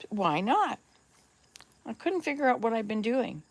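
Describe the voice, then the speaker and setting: A woman's voice: fairly high pitch, sing-song, measured pace, dry recording. A woman in her sixties chatting casually at home, rambling and upbeat, coaxing her cats now and then. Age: 60s. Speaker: vlogger. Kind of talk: casual chat.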